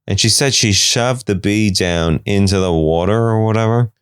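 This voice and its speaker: A man hosting his own podcast, talking through a comedic solo monologue and jumping into high, silly voices whenever he quotes someone. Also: moderate pace, clean tone, dry recording, studio quality. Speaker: podcast host.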